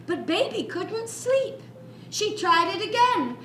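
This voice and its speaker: A woman telling an interactive story to children in a library, animated and playful, adding sound effects. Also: extremely high pitch, unhurried, background noise. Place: library room. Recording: echoey room.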